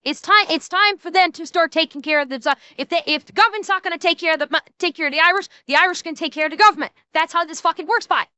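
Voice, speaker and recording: A woman's voice: very high voice, fast talker, few pauses, pushed and bright, no echo. A woman streamer ranting and swearing while reacting, stammering and repeating herself. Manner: profane, stammering, heated ranting.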